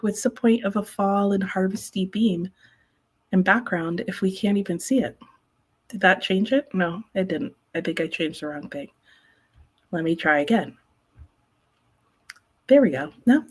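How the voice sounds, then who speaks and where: A woman hosting a live reading stream, chatting casually and rambling to her viewers while sounding sleepy. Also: mid-range voice. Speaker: host of live reading sprints. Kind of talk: casual livestream chat.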